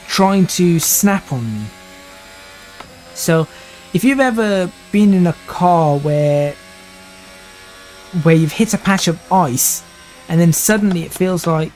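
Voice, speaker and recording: Slightly high-voiced young male sim-racing streamer. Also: a little mellow. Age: 20s. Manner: thinking aloud, restarts sentences while driving.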